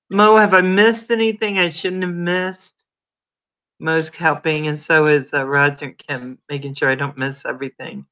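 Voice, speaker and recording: A man's voice: a little high, sharp tone, clean tone, muffled recording. A man hosting a casual livestream chat, reading the chat and reacting with gushing exclamations. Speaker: livestream host.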